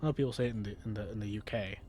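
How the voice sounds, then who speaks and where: A man's voice: lowish voice, rapid-fire, a little mellow. An American man chatting casually on a livestream, often restarting his sentences and answering chat. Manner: rambling, many restarts, reads chat aloud. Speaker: streamer. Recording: faint music in background.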